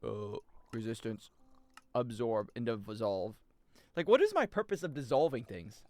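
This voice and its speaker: A young man streaming a video game, chatting casually, muttering over menus and jumping into loud, high yelps. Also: unhurried. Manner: excitable, jumps into loud high yelps and laughs; mutters menu options to himself. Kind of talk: casual gameplay commentary.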